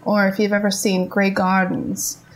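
A woman guest in a casual chat, playful and quick to laugh as she explains things. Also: medium pitch, monotone, slight background noise, poor audio. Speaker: guest, psychologist.

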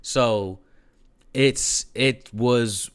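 A young man casually telling a profane, animated family story with lots of fillers and laughter. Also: mid-range voice, extremely slow, smooth, no echo, clean studio sound.

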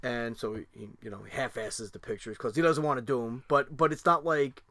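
A man's voice: mid-range voice, steady tone, fairly quick, sharp tone, no echo. A middle-aged man telling a family story in casual chat, rambling with lots of fillers and restarts, and swearing freely.

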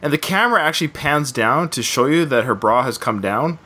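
A man's voice: mid-range voice, expressive, brisk, bright, forceful tone, slightly rough. A man hosting a podcast, chatting casually about a film and acting out scenes as he recounts them. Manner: chatty, laughing, acts out quotes. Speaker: podcast host.

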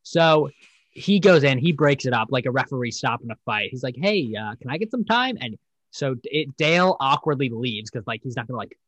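A man's voice: medium pitch, brisk, fairly bright tone, dry recording, poor audio. Young man, podcast host, casual recap, profane, rambling, dry close sound. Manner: rambling, profane, acts out quotes in mocking voices. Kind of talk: casual chat recapping a dating show.

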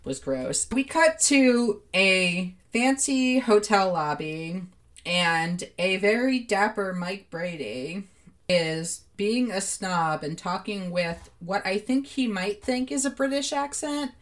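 A woman's voice: mid-range voice, animated, slow. A woman co-hosting a podcast, recapping a TV episode in casual chat with a sardonic, swearing manner. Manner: sardonic, swears freely while recapping the plot. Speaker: podcast co-host.

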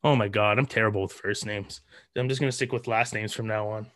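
A man hosting a sports podcast, chatting casually with halting speech and many fillers. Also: fairly low pitch, steady tone, fairly bright tone, no echo, studio quality. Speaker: podcast host.

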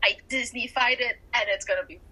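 A woman's voice: fairly high pitch, fairly quick, low-quality recording. A woman co-hosting a casual podcast, announcing game results with lots of laughter. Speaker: podcast co-host running a game night.

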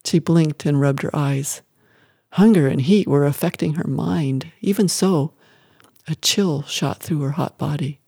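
A reader narrates a story in a measured, expressive way at a middling pitch. The recording is dry and close, with no room sound. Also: husky, no room sound. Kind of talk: scripted audiobook narration.

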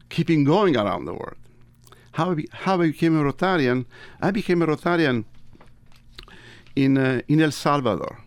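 A man with a Tuscan Italian accent, a native Italian speaker, telling stories as an interview guest with animated delivery and wide swings in pitch. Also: clear, resonant tone, no echo. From Italy. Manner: animated, big pitch swings, acts out dialogue. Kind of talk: interview storytelling.

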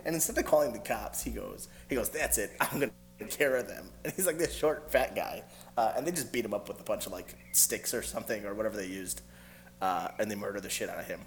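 Guy with a low voice rambling on in a podcast chat, lots of uh and like, faint hum behind. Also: quick pace, vocal fry. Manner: rambling storyteller, lots of fillers and laughs.

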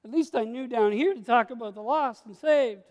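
A man preaching a sermon with passion, swinging between hushed confiding and sudden exclamations. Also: very high-pitched, moderate pace. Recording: long hall reverb.

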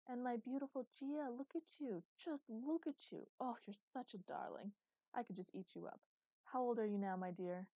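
A woman reading an audiobook, voicing a doting older female teacher with a velvety, smooth voice who gushes with affection. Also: mid-range voice, a little fast, warm tone, no room sound. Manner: gushing, affectionate.

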